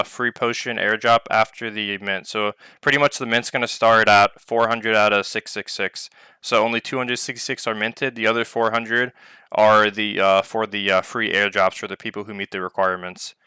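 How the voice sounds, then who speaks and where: A man's voice: fairly low pitch, pushed and bright, smooth, no echo, studio quality. A man hosting a casual live Q&A over online voice chat, rambling with lots of filler words. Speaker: project owner hosting a community Q&A. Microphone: online voice chat mic.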